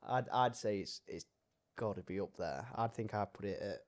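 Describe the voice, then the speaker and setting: A young man, co-hosting a casual podcast about gym training. He sounds relaxed and agreeable, and often trails off mid-sentence. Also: lowish voice, moderate pace. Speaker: podcast co-host.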